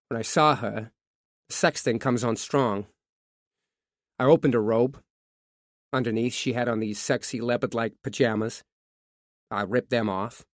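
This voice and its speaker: A man narrating a true crime audiobook, reading a confession in a measured first-person voice. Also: mid-range voice, no room sound, clean studio sound.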